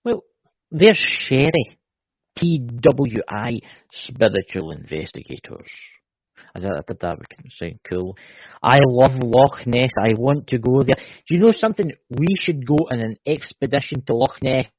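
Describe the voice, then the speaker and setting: A boisterous Scottish man teases his co-host in casual podcast chat. His voice is husky, and the recording is dry and a little muffled. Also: medium pitch, lively intonation, normal speed, no echo. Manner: boisterous, teasing, jokey.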